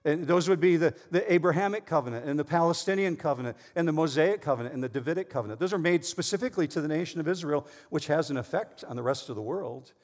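A middle-aged man preaching a sermon in a church, swinging from loud emphasis to hushed, near-whispered lines. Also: a little high, fast, few pauses. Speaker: pastor. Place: church sanctuary. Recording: long reverb in a large hall.

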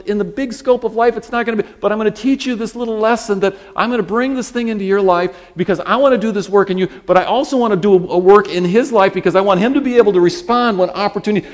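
A man's voice: high-pitched, big-room sound, pitched above the performer's own voice, natural voice. A man voicing God as a patient, fatherly deity who reassures and explains a lesson to one person. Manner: earnest and reassuring, speaking directly to one person.

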